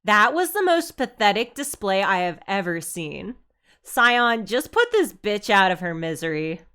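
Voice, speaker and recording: Woman doing a taunting dark mistress, teasing, clear crisp voice. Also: mid-range voice, very animated, unhurried. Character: cocky seductive dark mistress figure, female.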